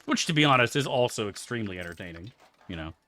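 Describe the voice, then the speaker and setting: A man's voice: lowish voice, lively intonation, fast, bright, forceful tone. A young man streaming a game, chatting casually with his viewers in a laid-back, joking and profane way. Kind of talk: casual live-stream chat.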